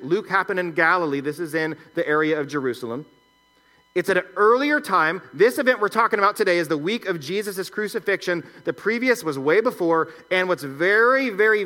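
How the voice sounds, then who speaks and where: Bright-voiced man preaching a sermon. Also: high voice, expressive, a little fast. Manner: conversational teaching, reads scripture aloud and comments. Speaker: pastor.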